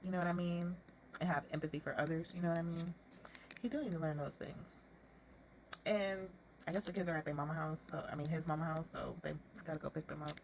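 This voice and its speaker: Fast-talking woman gossiping through a recap. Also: low voice, steady tone, a little hiss or hum. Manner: fast, chatty retelling with laughs and slang. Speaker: reality TV recap commentator. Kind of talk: casual gossipy show recap.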